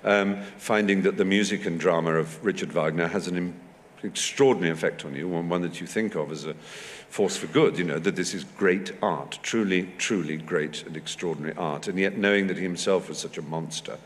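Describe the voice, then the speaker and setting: An English man in his fifties telling anecdotes at a festival talk, lively and animated, slipping into high voices to act out what people said. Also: fairly quick, a little hiss or hum. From England. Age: 50s. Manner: animated storyteller, acting out quotes with high squeaky voices. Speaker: guest speaker. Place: large festival hall. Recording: echoey hall recording.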